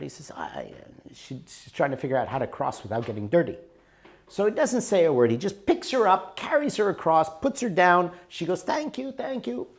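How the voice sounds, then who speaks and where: A man's voice: a little high, creaky. A man teaching a self-help workshop in an emphatic, conversational way. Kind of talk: recorded workshop talk.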